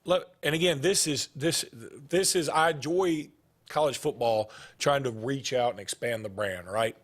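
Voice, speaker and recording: A man hosting casual sports talk, animated and restarting his sentences as he pushes his point. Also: mid-range voice, normal speed. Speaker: sports radio host.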